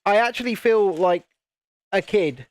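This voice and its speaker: A man's voice: high voice, measured pace. A man chatting casually and rambling on a live stream while building Lego. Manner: chatty, rambling, self-interrupting.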